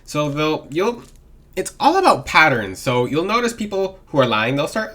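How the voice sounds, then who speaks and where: A man giving casual spiritual advice in a vlog, rambling with restarts and swooping his voice up and down to demonstrate. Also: normal speed. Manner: animated, swooping pitch to demonstrate. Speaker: spiritual voice coach.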